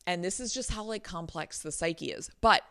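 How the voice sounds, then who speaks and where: A young woman vlogger telling a story in an animated, exasperated way, full of likes, recorded on a laptop's built-in mic. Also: fairly low pitch, moderate pace. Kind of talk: storytime vlog.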